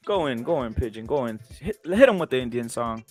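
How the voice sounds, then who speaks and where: A man's voice: mid-range voice, big pitch swings, a little fast, a little mellow, faint music behind. A man from Southern California hosting a live stream, joking, rambling and egging on his guest in loose banter.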